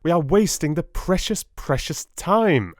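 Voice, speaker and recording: A man's voice: fairly low pitch, a little fast, no echo, studio quality, natural voice. A man reading an impatient young Englishman. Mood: urgent. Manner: urgent, pressing.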